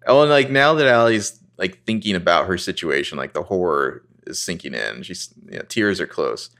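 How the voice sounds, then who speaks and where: Animated, gravelly man recapping a show. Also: low-pitched, moderate pace. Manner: acts out characters' lines in jokey voices. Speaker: podcast co-host. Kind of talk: casual TV recap chat.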